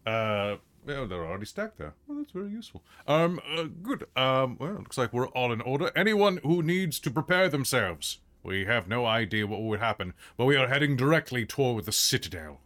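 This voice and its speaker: A man voicing a hesitant male fleet commander who speaks in halting, um-filled lines. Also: medium pitch, big pitch swings, fairly bright tone. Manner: halting, full of ums.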